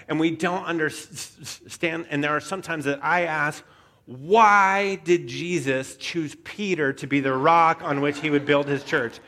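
A man preaching a sermon, telling a story with animated asides and frequent stammered restarts. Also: a little high, a little slow. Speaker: pastor.

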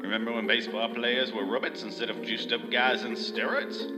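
A man putting on a nostalgic old man in a spoof cookie commercial, reminiscing slowly and wistfully. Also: medium pitch, steady tone, natural voice. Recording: loud music bed under voice.

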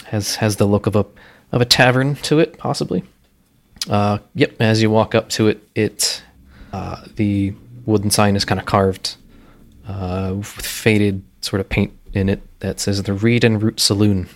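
A man's voice: fairly low pitch, unhurried. Laid-back man narrating as game master. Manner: relaxed, rambling with many fillers.

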